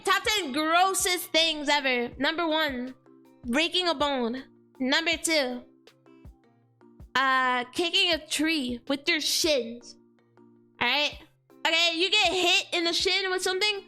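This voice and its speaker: A woman's voice: very high-pitched, slow, pushed and bright, soft background music. A woman streamer in casual chat, slangy and exclaiming, heavy on fillers like "like" and "dude".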